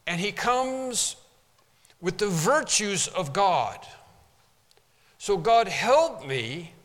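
A man's voice: high-pitched, very animated, drawn-out words, in a large hall. A man preaching a sermon as pastor from a pulpit, in an emphatic manner that stresses single words and sometimes pounds the pulpit. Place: church sanctuary.

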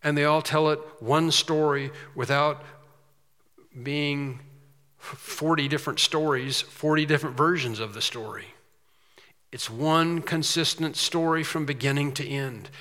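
Preacher guy going real slow and emphatic, voice a bit high, big echoey hall. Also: bright, forceful tone. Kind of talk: sermon.

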